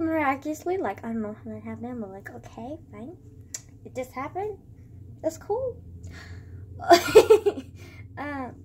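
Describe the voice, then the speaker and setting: A woman's voice: high-pitched, a little hiss or hum. A teenage girl ranting in a casual vlog, emotional and scattered, sighing and gasping, her speech full of fillers and restarts. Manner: emotional and scattered, with frequent sighs and gasps; filler-heavy, restarts often. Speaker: vlogger. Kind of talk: rambling casual vlog rant.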